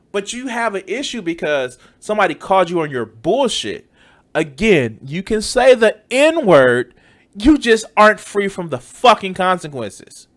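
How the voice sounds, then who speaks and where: A man riffing on a clip he is playing, slow and deliberate, sneering and swearing. His voice sits high and swings widely as he mocks the speaker. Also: fairly bright tone. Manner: mocking, exasperated, swears often. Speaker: reaction streamer. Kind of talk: profane reaction commentary.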